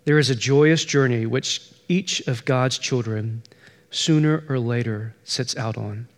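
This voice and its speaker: A man reading the lines of a gentle elderly father who breaks hard news with care, in a sermon. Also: mid-range voice, big-room sound, natural voice. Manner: gentle, measured.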